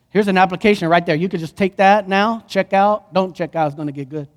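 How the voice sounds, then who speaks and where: A man with a high voice preaching with passion, his words ringing through a large reverberant church hall. He drops to a hush, then surges loud again. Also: a little fast, few pauses. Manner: impassioned preaching, swings from hushed to loud. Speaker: pastor. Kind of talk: sermon.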